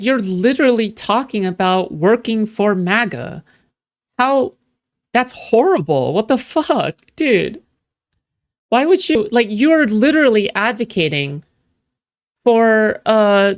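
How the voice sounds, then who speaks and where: A woman streamer mocking a clip in casual, sarcastic reaction commentary. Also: a little high.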